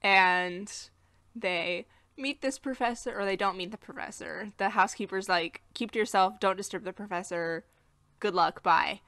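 Chatty American woman with a bright voice. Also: medium pitch, smooth, dry recording. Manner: chatty, laughs at her own slips, recaps plot. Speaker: podcast co-host. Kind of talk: casual movie review chat.

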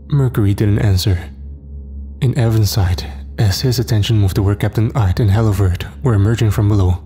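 A man narrating a first-person horror story in a measured, grim way. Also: on the low side, steady tone, mellow, soft background music.

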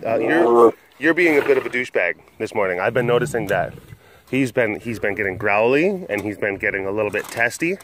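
A man's voice: on the low side, lively intonation, brisk, fairly bright tone, a little hiss or hum. A man filming a casual vlog at an animal facility, teasing the tigers playfully and breaking into laughs. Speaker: big cat keeper filming the animals.

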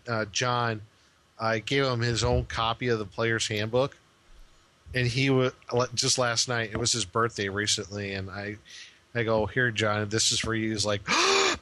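A middle-aged man co-hosting a gaming podcast in casual chat, animated and playful. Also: mid-range voice. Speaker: podcast co-host.

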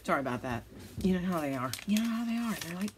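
A woman's voice: lowish voice, big pitch swings, fast, background noise. A woman, telling a rambling, self-deprecating story as she crafts at home for her vlog. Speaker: crafting channel host. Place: home, with dogs nearby.

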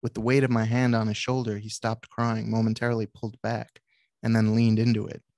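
Author reading, male, flat and gravelly, dry close sound. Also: lowish voice, no room sound. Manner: measured, with brief asides to the audience. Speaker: author and psychiatrist. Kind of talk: reading aloud from his book.

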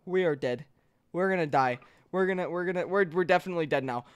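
A man hosting a live gameplay stream, excitable and joking, often yelling to his co-player. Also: high voice, fast, smooth, dry recording, dull audio. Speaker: streamer host.

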